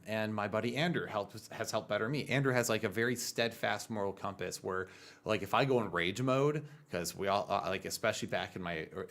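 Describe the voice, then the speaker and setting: Low-voiced man, earnest podcast host. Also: gravelly. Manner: earnest, animated storytelling with laughs. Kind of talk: casual podcast chat.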